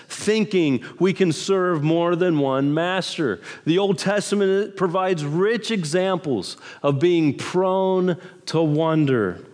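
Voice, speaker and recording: A man preaching a sermon in an emphatic, measured way, asking rhetorical questions. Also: sits high, darkish tone, in a large hall. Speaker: pastor.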